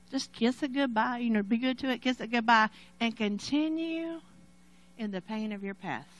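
A middle-aged woman with a high-pitched voice preaches a sermon, recounting a personal story with drama. She swings between loud and hushed and laughs between lines, and the audio quality is poor.

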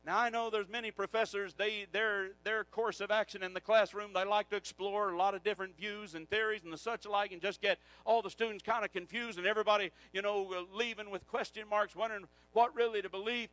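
A man preaching a sermon, swinging from hushed passages to shouted climaxes. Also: high voice, steady tone, fairly quick, few pauses, dry recording, poor audio.

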